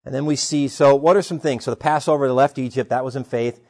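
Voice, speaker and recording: A man preaching a sermon in a conversational, animated way, retelling stories and asking rhetorical questions. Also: mid-range voice, fast talker. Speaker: pastor.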